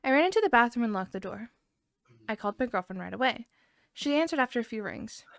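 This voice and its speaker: A woman's voice: fairly high pitch, expressive, quick pace, fairly bright tone, dry recording. A young woman co-hosting a podcast, reading a scary online story aloud, giggling and restarting lines as she goes.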